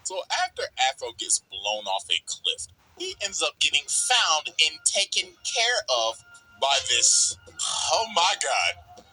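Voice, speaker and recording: A man's voice: fairly high pitch, measured pace, low-quality recording. A man narrating a comedic, profane anime recap as a reaction video host. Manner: animated, profane, joking. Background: music.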